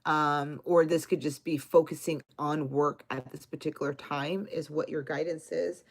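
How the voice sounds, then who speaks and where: A woman with a low, gravelly voice reads tarot cards live for her viewers. She talks casually and affectionately, calling people "my love," slipping into slang and the odd cuss word. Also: steady tone, moderate pace. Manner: reads viewer names and answers comments. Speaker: tarot reader. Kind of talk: live-stream tarot reading.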